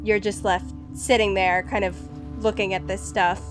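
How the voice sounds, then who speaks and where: A woman's voice: medium pitch, level tone, normal speed, music in the background. A woman narrating a tabletop role-playing game as game master, describing scenes playfully.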